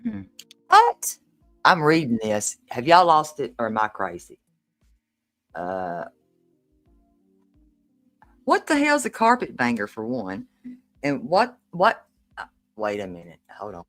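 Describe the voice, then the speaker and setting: A woman from Tennessee with a Southern accent, reacting live to a video. She talks slowly and stretches her words, and her pitch swings widely as she exclaims in disbelief and swears. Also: sing-song, fairly bright tone, soft background music. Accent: Southern American. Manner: incredulous, exclaiming, swearing, drawn-out.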